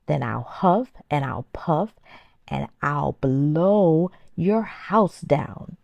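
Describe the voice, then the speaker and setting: Woman putting on a big bad wolf, loud and gravelly. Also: mid-range voice, lively intonation, measured pace, no room sound, dull audio, heavily acted. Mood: menacing. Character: hungry big bad male wolf, menacing.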